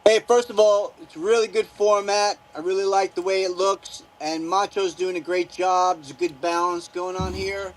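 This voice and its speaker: Man, fan show caller, high voice, halting, repeats words, casual chat. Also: little pitch movement. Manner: halting, repeats words, laughs mid-sentence.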